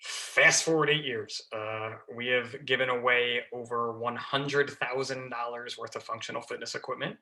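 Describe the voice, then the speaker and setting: Man, podcast guest, firefighter, chatty, frequent fillers, very bright forceful voice. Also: mid-range voice, steady tone, moderate pace, gravelly, few pauses. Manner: chatty, many fillers and restarts. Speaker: guest, fire lieutenant. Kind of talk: casual podcast interview.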